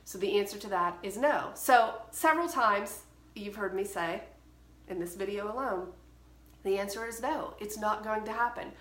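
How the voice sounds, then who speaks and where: A woman's voice: mid-range voice, normal speed, reverberant. A woman hosting a photography advice show, speaking firmly and directly. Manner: firm, direct and emphatic. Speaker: photography educator and podcast host. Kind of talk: solo talk to camera, advice.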